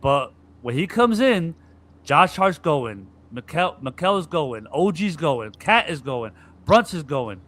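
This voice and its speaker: Male podcast co-host, bright tone, lively, excitable sports banter. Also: a little high, takes it slowly. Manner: animated, acts out players' griping with profanity. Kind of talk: casual sports chat.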